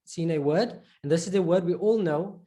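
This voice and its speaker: A man from South Africa with a South African accent, teaching Arabic letters to a class and repeating each sound slowly. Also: high voice, warm tone. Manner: slow, repeats sounds and words for students. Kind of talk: live online lesson.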